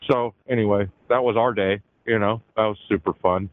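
Low-voiced man ranting over a tinny phone line. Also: fairly even intonation, brisk, no room sound. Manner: rambling, profane, exasperated venting. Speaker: caller. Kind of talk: call-in chat.

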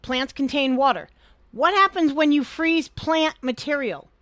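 A woman co-hosting a casual podcast, blunt and animated, swearing freely as she gives her opinions. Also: high-pitched, measured pace, no echo. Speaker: podcast co-host. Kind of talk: casual chat.

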